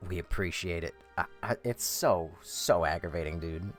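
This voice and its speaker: A man's voice: sits low, moderate pace, soft background music. A man ranting profanely and in exasperation while chatting on a game livestream from home. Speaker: game streamer. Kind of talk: livestream chat.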